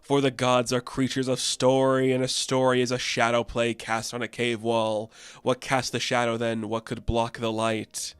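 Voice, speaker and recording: In a casual comic book review, a talkative man rambles loosely, dropping plenty of fillers. His mid-pitched voice is smooth, clear and monotone at a moderate pace, recorded dry and close to the mic with no echo.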